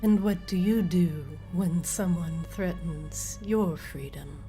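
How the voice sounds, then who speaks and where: A woman voicing a drow high priestess who questions her followers in a slow, hushed way. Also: soft background music. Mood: probing.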